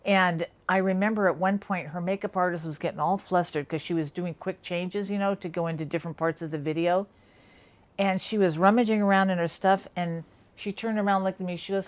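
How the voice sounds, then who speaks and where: Woman makeup artist spinning a story, low-ish voice, casual and chatty, does little voices for the quotes. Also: a little fast. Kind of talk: casual anecdote telling.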